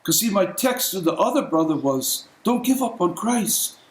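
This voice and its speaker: Throat-clearing pastor, roomy echo. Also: male voice, high-pitched, big pitch swings, moderate pace. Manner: conversational storytelling, often clearing his throat. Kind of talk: sermon.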